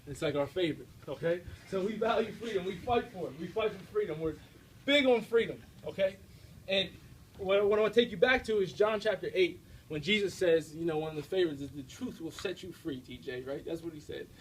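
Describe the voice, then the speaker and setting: A young man with a high voice delivers a live faith talk to a student audience in a university room. He speaks with direct, preachy energy and keeps checking in with the crowd. A faint room hum sits behind him. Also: brisk, low-quality recording. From United States.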